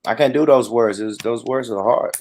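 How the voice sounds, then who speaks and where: A man's voice: mid-range voice, normal speed, a little mellow. A man in a casual online panel, hesitantly trying to learn patois words and admitting he can't manage them. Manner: hesitant, self-conscious, good-humoured.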